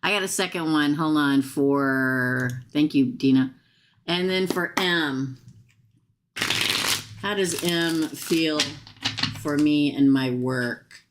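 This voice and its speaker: A woman's voice: low voice, slow, noisy background. A middle-aged woman giving a live tarot reading, chatty and emphatic, repeating her advice. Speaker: tarot reader.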